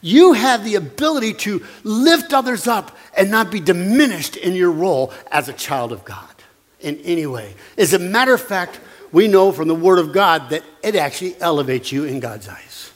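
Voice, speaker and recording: A man with a notably high voice preaches an earnest, conversational sermon, leaning on emphatic repetition to drive points home. His voice carries a long reverb trail, as if he is speaking in a large hall. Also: expressive, normal speed. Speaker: pastor.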